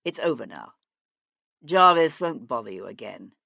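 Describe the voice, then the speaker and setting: A woman's voice: rumbling low, big pitch swings, normal speed, gravelly, bright, forceful tone, no echo, voice pushed down, heavily acted. A woman voicing a cold, stern young nobleman who speaks in a clipped, threatening way. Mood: earnest.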